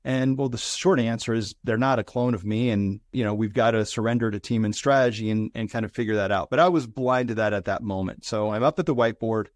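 A man's voice: on the low side, brisk, few pauses, no echo, clean studio sound. A middle-aged man, a business consultant guest on an interview podcast, earnestly and reflectively recounting lessons in short, building phrases. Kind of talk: conversational interview storytelling.

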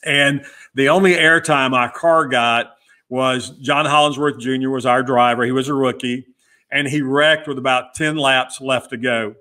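A middle-aged man with a bright, forceful voice tells a story as a podcast guest. He slips into the voices of the people he quotes and keeps the tale moving in an easy, conversational way. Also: medium pitch, measured pace. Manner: lively storyteller who acts out quoted dialogue. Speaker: guest, former pit crew member. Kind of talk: casual storytelling interview.

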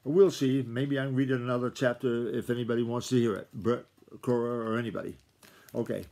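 A father reads a novel aloud to his kids, telling the story in a plain, unhurried way. His voice sits at an average pitch for a man, and it sounds like a simple recording made at home. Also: little pitch movement, dark tone, a little hiss or hum. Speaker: father reading to his children.

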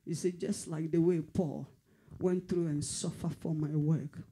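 A man's voice: a little high, little pitch movement, measured pace, dark tone, husky. A man preaching a fervent prophetic sermon, repeating phrases and at times dropping to a whisper. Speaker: pastor.

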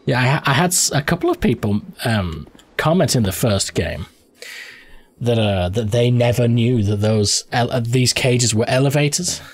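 A husky man hosting a let's play, swearing and reacting as he plays. His voice swings widely up and down as he talks his choices through aloud. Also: medium pitch. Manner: profane, reactive, thinking aloud. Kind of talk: live gameplay commentary.

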